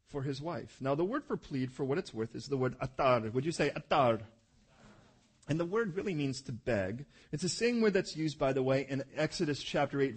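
A man's voice: medium pitch, husky. A man preaching a sermon in a conversational, humorous way, acting out quoted prayers and voices. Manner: humorous, self-deprecating asides. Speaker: pastor.

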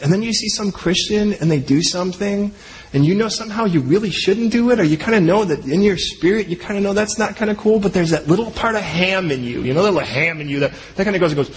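Male pastor, high lively voice, chatty sermon with jokes and false starts. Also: a little fast, low-quality recording. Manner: animated, conversational, joking asides; restarts and trails off mid-sentence.

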